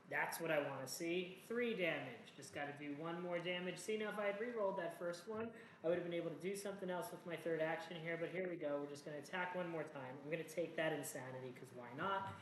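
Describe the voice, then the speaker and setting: A man's voice: a little high, a little fast, a bit bright. A man talking through a solo board game playthrough, chatty and rambling, with jokey asides to himself. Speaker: board game player and host. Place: home room. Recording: echoey room with faint noise.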